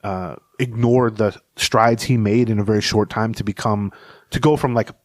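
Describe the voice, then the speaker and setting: A man's voice: fairly low pitch, normal speed, dry recording. A man co-hosting a casual sports podcast, telling long anecdotes in a rambling, storytelling way. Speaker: podcast co-host and beat reporter.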